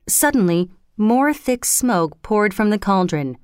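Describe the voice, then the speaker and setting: Woman reading a story aloud, measured and clear, smooth voice, dry close sound. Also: mid-range voice, very animated, darkish tone, no echo. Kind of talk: scripted storybook narration.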